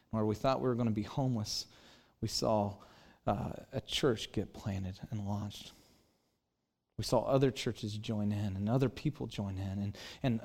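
In a lowish, creaky voice, a middle-aged man preaches as pastor, acting out the dialogue of a personal story and shifting from quiet to loud.

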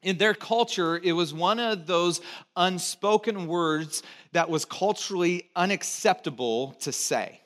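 A middle-aged American pastor gives a conversational church sermon, having the congregation repeat words and tossing in jokes. He moves between loud, emphatic lines and quiet, low ones at a slightly slow pace.

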